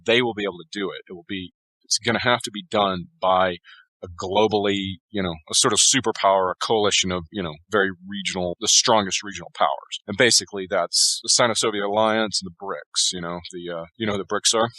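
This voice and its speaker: Male author guest, low and punchy, long-winded explainer, dry close sound. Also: a little fast, no echo, rough recording. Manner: long, steady explanatory answers. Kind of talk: conversational interview.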